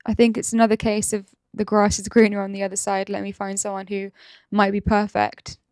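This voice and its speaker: A woman's voice: medium pitch, completely flat delivery, fairly quick, a little mellow, clear, resonant tone, no echo, clean studio sound. A woman host reacting to a clip, firing critical rhetorical questions. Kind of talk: reaction commentary.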